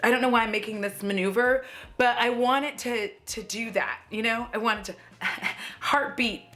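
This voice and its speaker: American woman, beauty vlogger, bright voice, casual and jokey, swears freely. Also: a little high, normal speed. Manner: chatty, joking, swears casually. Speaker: beauty YouTuber. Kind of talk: casual chat to camera.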